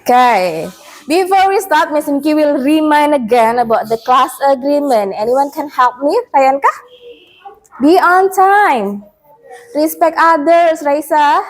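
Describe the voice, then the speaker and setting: High-voiced woman teaching kids. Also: moderate pace. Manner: repeats words and prompts the class to answer. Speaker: primary school teacher. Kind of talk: classroom teaching. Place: classroom.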